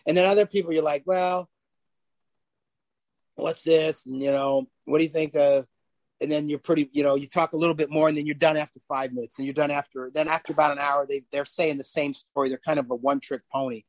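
An older man talking as a podcast guest in a rambling, animated way, laughing often as he tells stories. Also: fairly high pitch, quick pace, dry recording. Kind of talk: casual interview chat.

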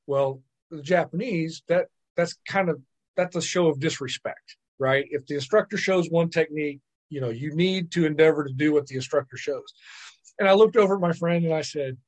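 Podcast guest, man, somewhat high voice, animated and chatty storyteller. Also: fairly quick. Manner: animated storyteller, repeats words and asks "right?". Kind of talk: casual storytelling.

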